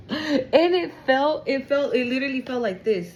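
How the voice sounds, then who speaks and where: A woman's voice: high voice, animated, normal speed, darkish tone, muffled recording, slight background noise. Emotional young woman giving a tarot reading. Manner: emotional, exclamatory, slangy, swings to near tears. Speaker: tarot reader. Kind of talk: casual tarot reading to viewers.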